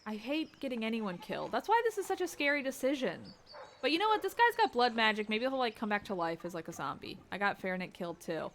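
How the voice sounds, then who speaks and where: A woman with a somewhat high voice plays through a story game on stream, reading dialogue aloud. She breaks off into nervous, reactive exclamations as her choices play out. A faint background hiss sits under her voice. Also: big pitch swings, quick pace, fairly bright tone. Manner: reactive, anxious exclamations while playing.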